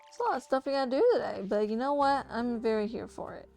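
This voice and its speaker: A woman's voice: on the high side, quick pace, vocal fry. A young woman streamer chatting casually while playing a game, swearing freely and talking to her chat. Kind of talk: casual gameplay commentary. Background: soft game music.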